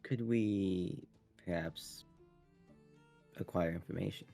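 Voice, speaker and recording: A man's voice: deep voice, slow pace, vocal fry, dark tone, soft background music. A man playing a tabletop game who speaks politely and formally in character. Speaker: player.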